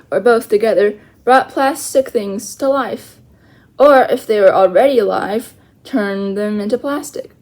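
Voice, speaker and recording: A woman reading a children's chapter book aloud, slowly and carefully, with small self-corrections. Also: on the high side, darkish tone. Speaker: storyteller.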